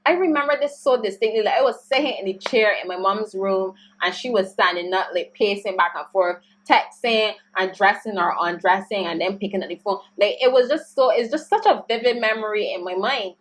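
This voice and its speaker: A young woman telling a storytime vlog story, animated and slangy as she vents. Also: mid-range voice, brisk, hardly any pauses. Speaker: YouTuber.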